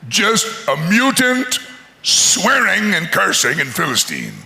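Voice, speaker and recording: A male pastor preaching a sermon as an animated storyteller, acting out voices and laughing often. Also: high voice, slow pace, vocal fry.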